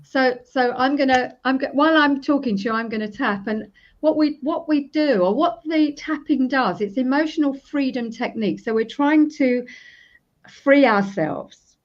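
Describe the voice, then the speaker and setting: A woman in her fifties talks through a tapping routine in a relaxed interview, acting out example phrases as she goes. Her voice sits fairly high, and the recording is dull and lo-fi. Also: moderate pace. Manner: demonstrative, acts out sample self-talk while tapping. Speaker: EFT practitioner, guest. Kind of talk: casual interview.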